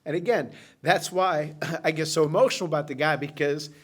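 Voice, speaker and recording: A male co-host tells a long story with a lot of feeling, rambling from one detail to the next. His voice is a little higher than most men's. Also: fairly quick. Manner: rambling, heartfelt. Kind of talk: emotional storytelling.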